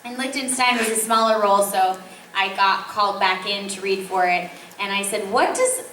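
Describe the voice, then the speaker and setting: A woman's voice: mid-range voice, fairly even intonation, normal speed, pushed and bright. A woman voice actress answering audience questions at a convention panel, chatty and enthusiastic, rambling with fillers. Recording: echoey hall from far off, faint noise.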